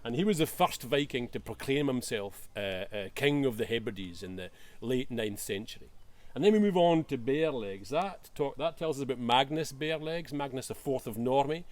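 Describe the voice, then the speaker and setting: A man's voice: mid-range voice, darkish tone. A Scottish man presenting a casual whisky tasting, enthusiastic but full of hesitant fillers and restarts.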